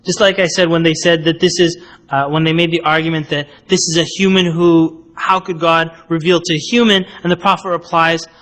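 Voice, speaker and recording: A man with a notably high voice teaches in a relaxed, conversational lecture style. He explains step by step, often pausing to ask "right?" He slips briefly into other people's voices to act out his examples. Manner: explanatory, asks "right?" often, acts out quotes. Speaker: Islamic lecturer.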